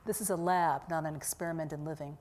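A woman reading aloud the lines of a measured older man, a pragmatic lab mentor, in a dry, matter-of-fact way. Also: deep voice, fairly even intonation, a little mellow.

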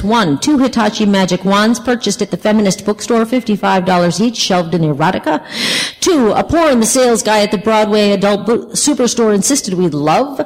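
A woman author reading from her memoir to an audience, wry and expressive. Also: medium pitch, long reverb tail, low-quality recording. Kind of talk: literary reading.

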